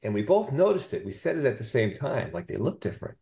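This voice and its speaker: A chiropractor guest on a podcast, telling a patient story with enthusiasm and often adding "you know" and "okay?". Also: male voice, mid-range voice, big pitch swings, fast talker, vocal fry, mellow.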